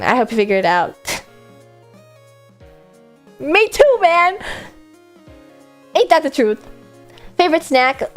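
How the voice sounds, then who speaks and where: A young woman streaming late at night, reading fan questions aloud and answering in a chatty, self-deprecating way that slips into deadpan, tired and coming down from an energy drink. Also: mid-range voice, clear, resonant tone. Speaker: VTuber streamer. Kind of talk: casual livestream Q&A, reading fan messages aloud.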